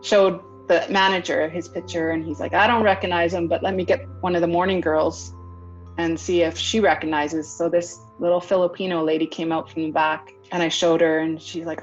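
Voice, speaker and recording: A woman's voice: fairly low pitch, normal speed, soft background music. A woman recounting events in a casual interview, acting out what other people said as she goes. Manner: lively retelling, acts out other people's lines. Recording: dull lo-fi recording.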